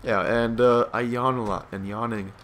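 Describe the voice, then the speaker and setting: A man's voice: mid-range voice, fairly even intonation, moderate pace, fairly bright tone, slight background noise. A man giving casual gameplay commentary, rambling, swearing and self-deprecating, sounding tired and yawning.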